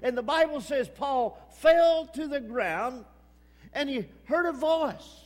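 A man preaching a sermon with emphasis, repeating his phrases and swinging between loud and hushed. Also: extremely high pitch, animated, slow pace, big-room sound.

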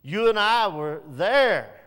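A man preaching a sermon, dropping to hushed low passages and rising to pleading, raised lines. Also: animated, takes it slowly, long reverb tail.

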